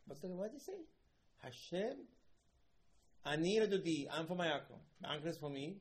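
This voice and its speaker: Animated man teaching a Torah class. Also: rapid-fire. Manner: animated, acts out quoted dialogue with sudden loud high outbursts; rhetorical questions and asides to listeners.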